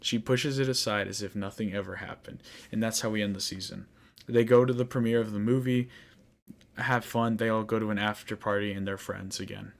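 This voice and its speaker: Low-voiced young man recapping anime. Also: fairly even intonation, brisk, gravelly. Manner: rambling, frustrated, many fillers and restarts. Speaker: podcast host. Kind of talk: casual anime recap monologue.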